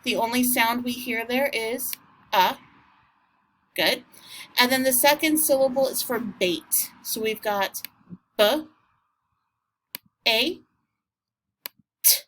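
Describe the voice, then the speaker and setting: A woman's voice: fairly high pitch, fairly bright tone, slight background noise. Patient woman teaching vocabulary. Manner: slow, patient, encouraging, sounds words out. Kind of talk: recorded vocabulary lesson for students.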